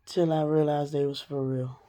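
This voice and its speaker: A woman vlogger telling a personal story straight to the camera, blunt and profane, her voice dropping low and then rising loud. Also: little pitch movement, normal speed.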